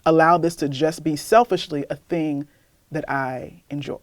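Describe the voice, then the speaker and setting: Young woman poet, interview guest; candid, lively, laughs easily, low voice. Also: unhurried, dry recording. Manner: candid, animated, laughs often. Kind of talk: casual interview chat, then poetry reading.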